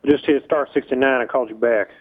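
A man's voice: mid-range voice, fairly even intonation, quick pace. A man from an auto shop calling in on the phone, friendly and apologetic. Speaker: caller, auto shop worker. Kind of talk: phone call. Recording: tinny phone line.

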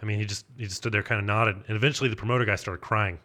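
Male comic storyteller: fast, bright tone, rambling and deadpan, heavy on fillers. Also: fairly low pitch. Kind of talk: improvised comedic anecdote.

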